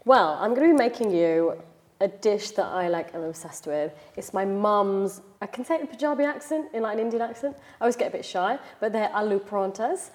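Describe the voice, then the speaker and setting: A woman talks casually as she cooks in her own kitchen. Her voice sits in an ordinary middle pitch. She is chatty and loose, filling her speech with "like" and "you know". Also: a little fast, a little mellow. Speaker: chef and podcast guest. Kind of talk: casual chat while cooking. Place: home kitchen.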